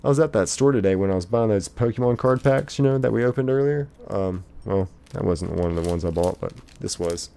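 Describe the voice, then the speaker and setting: A man's voice: lowish voice, fairly quick, vocal fry, hardly any pauses, warm tone. A man streaming live, casually reading viewers' chat messages aloud in a chipper lilt and chatting back.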